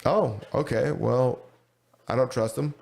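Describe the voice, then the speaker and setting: A man's voice: mid-range voice, measured pace, creaky, a little mellow. A young man co-hosting a podcast, bantering casually in slang and reading chat messages aloud. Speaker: podcast co-host.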